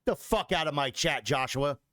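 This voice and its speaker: A man's voice: a little high, moderate pace, fairly bright tone. A young man streaming a video game, swearing freely and talking back to his chat with exasperation. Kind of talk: casual gameplay commentary.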